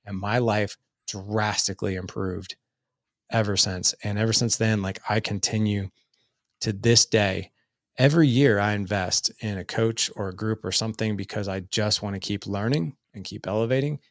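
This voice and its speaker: A man's voice: lowish voice, normal speed, no room sound, studio quality. A middle-aged man telling his story as a podcast guest, earnest and loose, with lots of "like" fillers. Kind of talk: casual storytelling in an interview.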